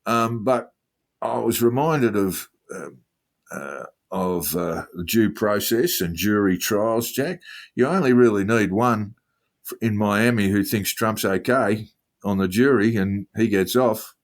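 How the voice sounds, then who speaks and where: A man's voice: lowish voice, slow. A man co-hosting a podcast, chatting about politics in a hesitant way full of fillers. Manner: hesitant, filler-heavy delivery. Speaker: podcast co-host. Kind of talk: casual political chat.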